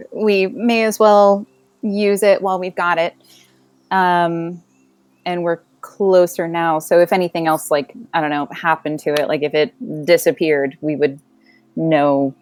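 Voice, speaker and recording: A woman speaks casually as her tabletop character, thinking aloud in a relaxed way. Her voice sits fairly low and sounds dry and close. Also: dry recording. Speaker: tabletop game player.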